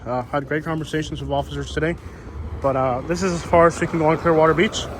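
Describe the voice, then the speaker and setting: A man talks his way through a walking outdoor vlog, loose and rambling, full of ums and uhs. His voice sits a bit high for a man. Faint street noise hums behind him. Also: fairly even intonation, fast talker. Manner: chatty, rambling with many fillers. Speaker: YouTuber. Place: outdoors on a storm-damaged street.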